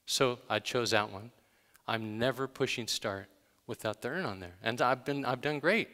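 A man's voice: medium pitch, moderate pace, bright, forceful tone. A male pastor giving a conversational, emphatic sermon, telling everyday stories with dramatic gasps. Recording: long hall reverb.

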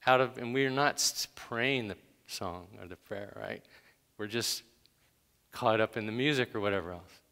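A man's voice: lowish voice, moderate pace, bright, forceful tone. A man preaching a conversational sermon to a church congregation, stressing each command with emphasis. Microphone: handheld microphone. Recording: long hall reverb.

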